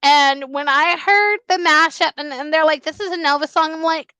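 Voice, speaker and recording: A woman's voice: very high voice, brisk, hardly any pauses, bright, forceful tone, dry recording, poor audio. A woman hosting a podcast, chatting in a gushing, emphatic way. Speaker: podcast host. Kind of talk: casual podcast chat.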